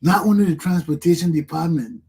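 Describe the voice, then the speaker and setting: A man's voice: on the high side, brisk, warm tone, slightly rough. A man with a Liberian English accent hosting a talk show, giving impassioned political commentary and repeating himself as he addresses his listeners.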